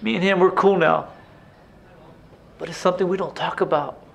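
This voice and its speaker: A man performs a haunted former inmate reliving his past in a stage monologue. The voice sits high, drops to hushed confessions and then breaks into raw shouting. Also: fairly even intonation, normal speed, vocal fry, slight background noise. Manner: emotional, swings from hushed to shouting. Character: grown man, former abused son, intense and haunted. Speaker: stage actor playing an inmate.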